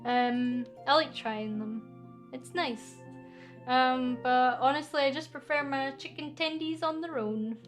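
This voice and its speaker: Young Scottish female streamer, high voice, giggly and chatty, faint background music. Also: a little slow. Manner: chatty and giggly, reading chat aloud. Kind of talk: casual chat answering viewer questions. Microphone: studio microphone.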